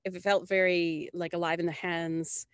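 Animated woman telling a story. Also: normal speed, smooth, dry recording, clean studio sound. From Canada. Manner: animated, breaks into high laughs, frequent restarts. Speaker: interview guest. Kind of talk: conversational interview storytelling.

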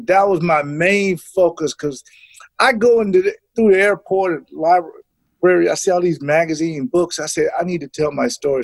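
A middle-aged former pro football player, guesting in a casual interview, tells stories and acts out the voices of people he quotes. His voice is fairly high with vocal fry, and there's no room sound.

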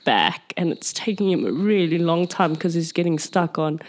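A woman's voice: fairly low pitch, expressive, normal speed. A woman playing in a tabletop game, describing her character's actions in a giggly, rambling way. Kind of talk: casual tabletop role-play.

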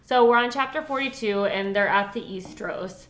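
A woman's voice: fairly high pitch, fairly quick, a bit bright, echoey room. A young woman co-hosting a book podcast, chatting casually and giggly, full of filler likes and sometimes dropping to a whisper. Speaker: podcast co-host.

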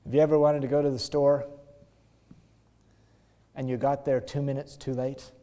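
A man preaching a sermon, telling stories and slowing down to press his points. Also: medium pitch, little pitch movement, dark tone. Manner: storytelling, slows down for emphasis.

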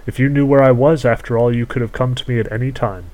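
A man's voice: medium pitch, fairly even intonation, fast, a little mellow, natural voice, low-quality recording. Man doing a firm, proud young princess; storybook heroine. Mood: defiant. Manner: firm, accusing.

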